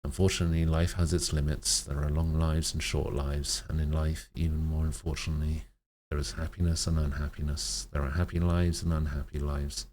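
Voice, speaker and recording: A man streamer reading a sad story aloud in a slow, measured way, with occasional slips. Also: rumbling low, level tone, darkish tone, a little hiss or hum.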